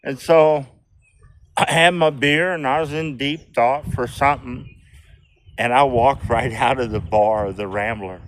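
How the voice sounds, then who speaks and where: A man's voice: medium pitch, fairly bright tone. Profane older man rambling through a yarn. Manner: profane, rambling, laughing as he talks. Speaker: storyteller. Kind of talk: casual storytelling.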